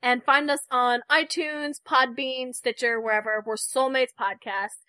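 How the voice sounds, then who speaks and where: A woman's voice: high-pitched, steady tone, measured pace, pushed and bright, no room sound. A young woman co-hosting a podcast, chatting casually, laughing and retelling stories with animation. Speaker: podcast co-host.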